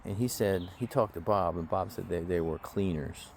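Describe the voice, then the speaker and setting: A man with a lowish voice tells a grudge story in a blunt, aggrieved way and swears freely. He's recorded outdoors, with faint birdsong and woodland ambience behind him. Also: moderate pace, a little mellow, slight background noise. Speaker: vlogger. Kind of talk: casual storytelling rant. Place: outdoors in the woods.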